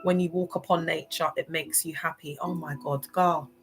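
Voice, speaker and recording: A woman's voice: low-pitched, fairly even intonation, normal speed, low-quality recording. A woman chatting on a livestream, rambling and emotional, with many fillers. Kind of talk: casual livestream chat.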